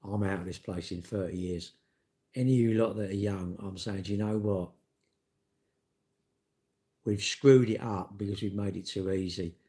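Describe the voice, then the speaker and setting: A man's voice: lowish voice, steady tone, normal speed, long pauses, mellow. A man, ranting bluntly and swearing in a casual live-stream monologue. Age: 60s. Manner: blunt, sweary, storytelling with acted-out quotes.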